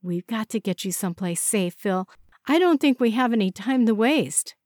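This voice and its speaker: A woman's voice: mid-range voice, expressive, normal speed, darkish tone, no echo, studio quality, pitched above the performer's own voice, lightly acted. Woman voicing earnest young Georgia. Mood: urgent. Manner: pleading, insistent.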